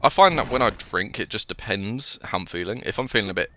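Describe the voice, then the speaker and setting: Brief: young gaming host, deep but lively voice, rambling chatter, slight cold, faint hiss. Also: male voice, fairly quick. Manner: chatty and rambling, with restarts, and talks to the game as he plays. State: slightly ill, coughing. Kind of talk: casual let's-play commentary.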